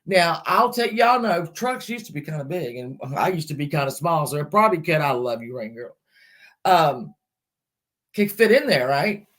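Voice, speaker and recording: Chatty woman with a lively voice. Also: low voice, moderate pace. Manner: chatty, talks back to chat comments mid-story. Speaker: livestream host. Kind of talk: casual true-crime storytelling to a live chat.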